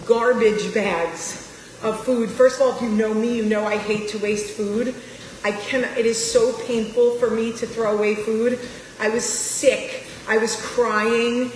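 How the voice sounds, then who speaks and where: A woman's voice: medium pitch, a little hiss or hum. A woman in her forties from New Jersey, telling a personal story straight to her viewers in a confiding, emphatic way. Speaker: vlogger. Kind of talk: casual storytelling to camera. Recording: roomy echo with long reverb.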